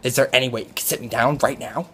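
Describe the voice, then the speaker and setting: A man's voice: mid-range voice, steady tone, quick pace, pushed and bright, slightly rough, voice pushed down. A man doing a pushy impatient lady customer. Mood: demanding. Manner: insistent, demanding. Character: pushy impatient middle-aged woman customer.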